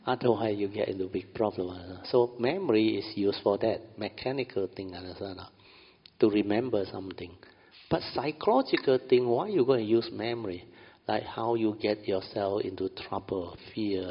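A man's voice: on the low side, slightly rough. A man giving an informal meditation talk, often asking "understand?" and chuckling. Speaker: meditation teacher. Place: meditation hall. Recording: dull audio in a long-reverb hall.

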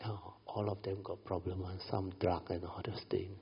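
A middle-aged man with a low, husky voice and a Malaysian English accent tells a family story, often tossing in "you know". His voice carries a long hall reverb, and the recording sounds dull. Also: flat delivery, normal speed. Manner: chatty, frequent "you know", light laughs. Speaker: speaker recounting a family story. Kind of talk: storytelling talk.

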